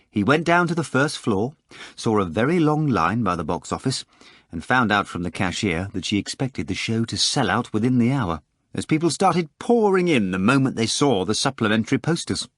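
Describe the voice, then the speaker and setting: A man reading an audiobook, with a lowish voice and animated, rolling intonation. He tells the story with clear expression on a close microphone, in a dry, dead sound. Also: dry recording. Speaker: audiobook narrator. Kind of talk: scripted audiobook narration.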